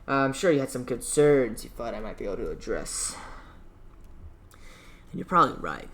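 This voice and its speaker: A man voicing a scheming, smooth-talking male union boss in a game let's-play, speaking slowly and in a deliberately reassuring way. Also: medium pitch, big pitch swings, fairly bright tone. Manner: slow, oily, deliberately reassuring.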